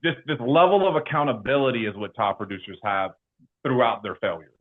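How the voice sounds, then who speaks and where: A man's voice: mid-range voice, brisk. Man on a tinny call line, coaching. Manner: coaching tone, checks in with "okay?" and "makes sense?". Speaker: insurance agency owner. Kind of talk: interview guest.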